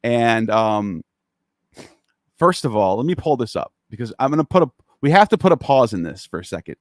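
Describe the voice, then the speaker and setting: A man's voice: medium pitch, very animated, moderate pace, dry recording, clean studio sound. A man hosting a casual online discussion, talking in a rambling, profane and heated way. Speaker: podcast host.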